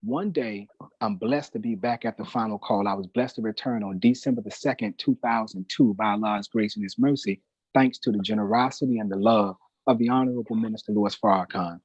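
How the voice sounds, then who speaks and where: A man's voice: lowish voice, a little fast, a little mellow, husky, no echo, highs cut off. A middle-aged man telling a personal testimony in an emphatic, preacher-like way, often calling the host brother. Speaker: guest, newspaper manager.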